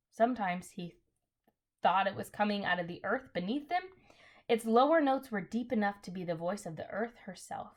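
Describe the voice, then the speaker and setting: A woman with a medium-pitched voice reads a children's novel aloud casually, fixing her slips and throwing in apologetic asides.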